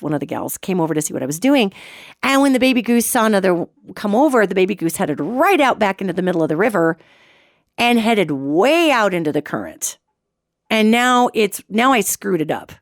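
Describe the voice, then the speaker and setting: A middle-aged woman hosts a radio show and tells a story with great energy, her voice swooping high and low. She sits close to the mic in a dry, deadened space. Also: dry recording. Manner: expressive, swoops in pitch, imitates sounds. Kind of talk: animated personal storytelling.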